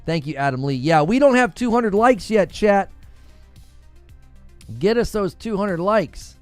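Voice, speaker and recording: A man's voice: high-pitched, expressive, a little slow, long pauses, faint music behind. A man hosting a gaming livestream in a casual, chatty way, laughing often and talking to his viewers. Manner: laughs often, talks to chat.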